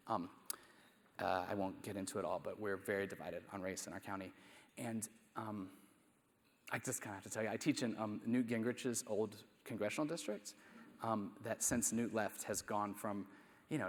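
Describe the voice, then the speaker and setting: A man, a math teacher, giving a conversational conference talk full of rhetorical questions and self-deprecating asides. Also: lowish voice. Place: conference hall. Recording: echoey hall.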